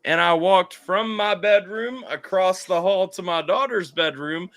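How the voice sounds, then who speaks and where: A young man hosting a casual livestream, telling a story with excited, loud bursts. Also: high-pitched, a little slow, hardly any pauses. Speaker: stream host.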